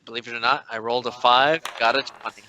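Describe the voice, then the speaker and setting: Bright-voiced joking man player. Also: mid-range voice, level tone, quick pace, dull audio, slight background noise. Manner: joking, teasing. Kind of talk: tabletop game play.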